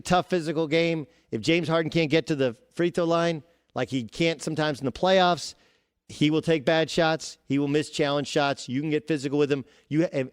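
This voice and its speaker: A man hosting a sports talk show, arguing his points forcefully with everyday analogies. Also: a little high, clean tone, no echo, studio quality. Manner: emphatic, argues with everyday analogies. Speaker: fill-in sports talk host.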